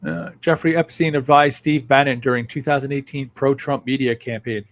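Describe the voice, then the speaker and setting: A man in his fifties hosting a casual livestream, reading viewer comments in a sardonic, animated way that swings from muttering to loud outbursts and swears freely. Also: mid-range voice, fairly quick. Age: 50s. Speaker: livestream host.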